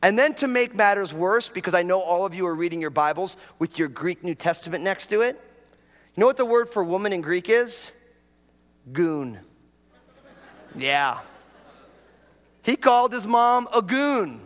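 A man preaching a humorous sermon, his voice sitting high for a man. He tells stories with energy and jumps into acted-out prayers and asides. The sound carries a long hall reverb. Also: moderate pace. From New York. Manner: animated storytelling, acts out prayers in a raised voice. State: a bit dehydrated after travel. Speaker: pastor.

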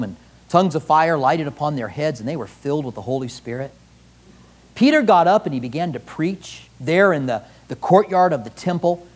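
A man preaching a sermon, acting out quoted prayers in an animated way. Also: a little high. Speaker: pastor.

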